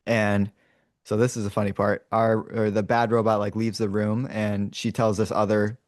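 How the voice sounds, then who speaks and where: Low-voiced man rambling through a story. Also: little pitch movement, normal speed, dry recording, clean studio sound. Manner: rambling, many fillers and restarts; acts out lines and roars as he tells it. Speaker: podcast host retelling a movie. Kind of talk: casual storytelling to his brother.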